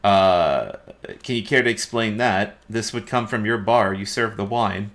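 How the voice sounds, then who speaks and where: A man's voice: on the low side, a bit bright. A man voicing a stern, shrewd woman captain. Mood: accusing. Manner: cool, measured, accusing.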